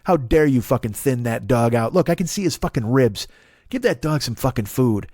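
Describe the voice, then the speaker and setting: Comedic host, man in his 40s, foul-mouthed ranter, mid-pitched, dry booth sound. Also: lively intonation, moderate pace, a little mellow, dry recording. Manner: swearing, ranting, mocking voices. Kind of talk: profane comedic rant.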